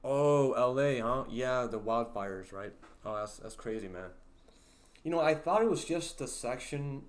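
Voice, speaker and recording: A man hosting a casual livestream, talking slowly in a low-key way with lots of fillers that can come across as sarcastic. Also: expressive. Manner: slow, low-key talk with many fillers, sounds sarcastic. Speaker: livestream host.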